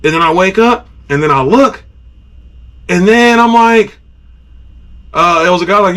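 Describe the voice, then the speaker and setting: A man hosting a podcast, casually telling a story and acting out his own groans, shouts and sound effects. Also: high-pitched, expressive, moderate pace. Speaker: podcast host.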